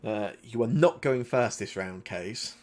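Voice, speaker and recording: A man's voice: on the low side, lively intonation, measured pace, a little mellow, a little hiss or hum. Man narrating a tabletop game, easygoing. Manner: loose, conversational narration full of fillers. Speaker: game master.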